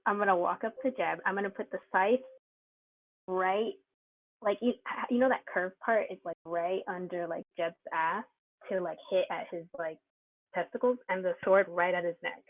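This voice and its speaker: A woman's voice: on the low side, fairly even intonation, moderate pace, dry recording. A woman playing in a tabletop game, chatting casually and laughing often as she describes her character. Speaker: player. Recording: dull lo-fi dry sound.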